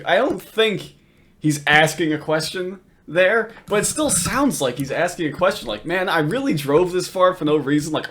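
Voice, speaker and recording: Animated, foul-mouthed man commentating. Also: sits high. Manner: rambling, swears often, laughs at clips. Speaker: commentary host. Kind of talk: casual reaction commentary.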